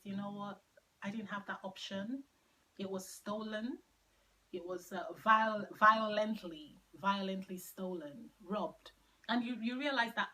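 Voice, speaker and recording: A woman's voice: mid-range voice, sharp tone, low-quality recording. A middle-aged woman giving an earnest faith-based teaching talk, repeating key phrases for emphasis and sinking to near-whispers on painful words. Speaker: Christian speaker sharing her testimony.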